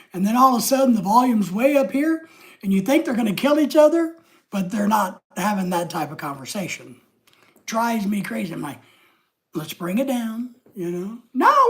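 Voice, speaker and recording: Rambling older man hosting a livestream. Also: high voice. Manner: rambling, reads chat comments aloud, greets viewers. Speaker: livestream host. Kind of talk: casual livestream chat.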